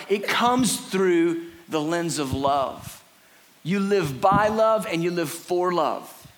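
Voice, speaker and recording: Man, middle-aged, preacher, fairly high voice, earnest sermon delivery, church stage. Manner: animated, acts out a frantic crowd in a high put-on voice. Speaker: pastor. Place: church stage before a congregation.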